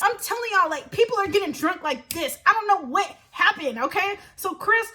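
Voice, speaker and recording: Bright high-voiced woman telling a story. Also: fairly quick. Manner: animated, laughing, slangy and emphatic. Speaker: vlogger. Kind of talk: casual storytelling to camera.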